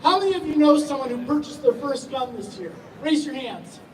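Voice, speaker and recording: A man speaking as an attorney guest at an outdoor rally, measured and addressing the crowd directly. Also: extremely high pitch, animated. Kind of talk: formal rally speech. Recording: echoey PA sound from far off with crowd.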